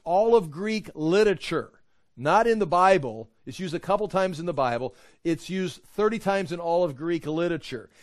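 A man with a fairly high voice teaches scripture verse by verse, animated and conversational. He acts out quoted voices and fires off rhetorical questions. The sound is dry and close, with no room echo. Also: moderate pace. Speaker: Bible teacher.

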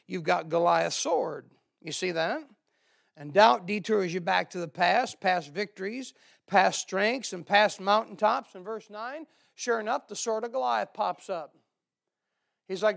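A man preaching a sermon in an emphatic way, repeating key phrases and swinging from loud bursts to quiet asides. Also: normal speed, creaky. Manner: emphatic, rising to loud bursts then dropping low.

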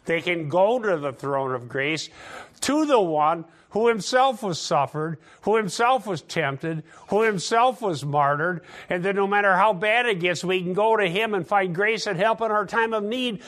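A man delivering a sermon in a fairly high voice. He teaches in an easy, conversational way, dropping in sarcastic asides and pressing harder as his points build. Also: animated, normal speed, fairly bright tone. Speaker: preacher.

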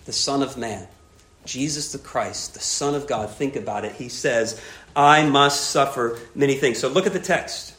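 A man preaching a sermon, emphatic, repeating key phrases and dropping soft on grave points. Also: mid-range voice, normal speed, reverberant. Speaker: pastor.

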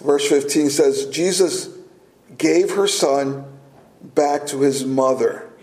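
A man delivers a morning sermon in an unhurried, measured way, leaning on pauses to stress his points. His voice sits somewhat high for a man. The sound rings with the echo of a large room. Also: a little mellow. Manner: slow, deliberate preaching with emphatic pauses. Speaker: pastor. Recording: echoey room.

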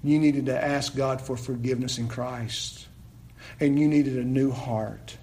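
A man preaching a sermon, building to near-shouts and then dropping low and quiet. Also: steady tone, measured pace. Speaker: pastor.

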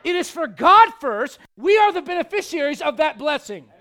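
A male pastor preaching a blunt, confrontational sermon, swinging from loud outbursts to hushed intensity. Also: very high voice, big pitch swings, normal speed.

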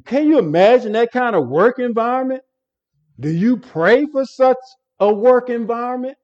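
A man's voice: high voice, expressive, a little slow, a little mellow, lo-fi sound. A man preaching an expository sermon as pastor, earnest and stumbling over repeated words as he explains a passage.

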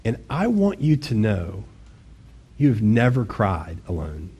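Male pastor, husky tone, casual sermon delivery that swings between quiet reflection and punchy emphasis. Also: on the low side, wildly swooping pitch, slow. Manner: conversational, self-deprecating preaching with sudden bursts of intensity.

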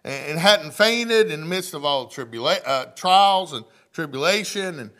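A man's voice: fairly high pitch, lively intonation, a little slow, fairly bright tone. A male pastor, preaching a sermon in church, reading scripture aloud and asking the congregation questions. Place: church sanctuary.

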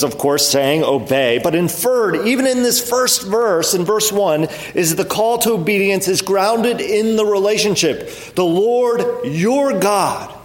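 A man with a slightly high voice preaching a sermon. He talks conversationally, restarting phrases and using fillers. He builds emphasis on key words, then sinks to a hushed, soft delivery. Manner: earnest, emphatic, with rising stresses and quiet drops. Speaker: pastor.

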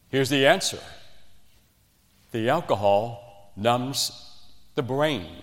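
A man preaching a sermon, telling a story with humor and quoting scripture with rising emphasis. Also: mid-range voice. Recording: long reverb of a large hall.

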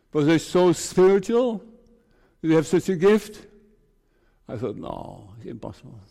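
In a church sanctuary with long reverb, a pastor in his 60s gives a farewell sermon. He is earnest and repeats phrases for emphasis, with a fairly high-pitched yet dark-toned voice.

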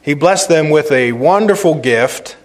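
An expressive male pastor with a somewhat high voice delivers an emphatic sermon. He repeats phrases and shifts from loudly stressed words to soft, slow points.

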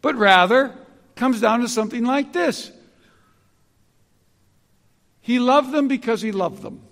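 A man preaching a sermon, deliberate and repeating key phrases for emphasis. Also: very high-pitched, gravelly, fairly bright tone. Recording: long reverb of a large hall.

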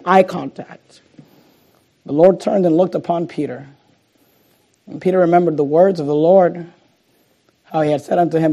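A male pastor preaching a sermon and reading scripture, moving between loud emphasis and hushed, slowed lines. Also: fairly high pitch. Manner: dramatic swings between loud emphasis and hushed, slow delivery.

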